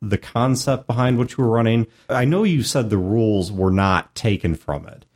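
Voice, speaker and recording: A man hosting a tabletop gaming podcast in a relaxed, rambling chat. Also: fairly low pitch, normal speed. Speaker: podcast host.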